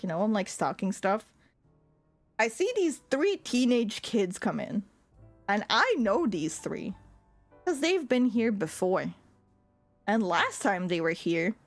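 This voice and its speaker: A young woman telling a story in casual chat, laughing often and filling her talk with "like.". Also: fairly high pitch. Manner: animated, laughs often, lots of "like" fillers; swears when annoyed. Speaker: streamer.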